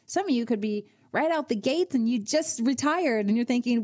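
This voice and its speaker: Woman radio host, money advisor, warm dark voice, direct coaching vibe. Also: fairly high pitch, expressive, moderate pace, few pauses. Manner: coaching, direct, addresses listeners. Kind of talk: conversational radio advice talk.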